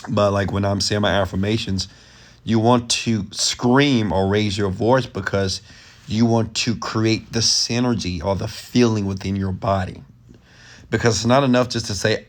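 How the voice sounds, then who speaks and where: A man's voice: lowish voice, moderate pace. A man hosting a late-night live question-and-answer stream from his bed, talking loosely and passionately and often raising his voice. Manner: loose, rambling, off the cuff. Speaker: entrepreneur and mentor, stream host. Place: lying in bed at home at night.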